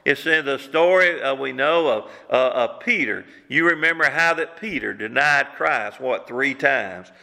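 A man's voice: mid-range voice, lively intonation, measured pace, vocal fry, few pauses, pushed and bright. A man preaching a sermon as pastor, using fervent rhetorical questions. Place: church sanctuary. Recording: long church hall reverb.

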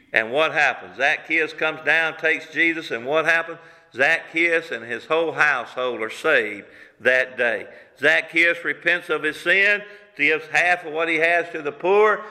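An older male pastor in his sixties preaches with a very bright, fairly high voice and an easy, folksy cadence. He slows down and drops his voice low for quoted lines. His words ring out with a long echo, as in a big church sanctuary. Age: 60s. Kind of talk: sermon. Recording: long reverb of a large room.

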